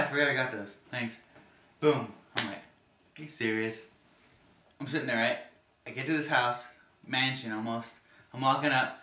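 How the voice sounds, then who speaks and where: A man casually telling stories to the camera in an animated way, acting out the people he met. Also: mid-range voice, reverberant.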